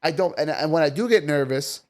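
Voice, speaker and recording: Brash, profane male comedian, voice sits a little high, rambling guest talk. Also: expressive, fairly quick. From Staten Island, New York. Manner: brash, profane, jumps between topics. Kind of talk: casual podcast chat.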